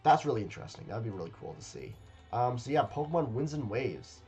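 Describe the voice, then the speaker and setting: A man's voice: mid-range voice, lively intonation, fast, a little mellow, husky, soft background music. A man reacting to a game trailer in casual commentary, rambling and hesitant with lots of fillers and repeated words, recorded at a home webcam setup.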